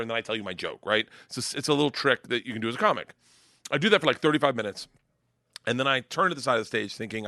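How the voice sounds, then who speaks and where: A middle-aged male comedian telling wild road stories in casual chat, profane and rowdy, loudly acting out the people in them. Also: mid-range voice, no room sound, clean studio sound. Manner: profane, rowdy storyteller who acts out voices loudly. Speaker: comedian guest.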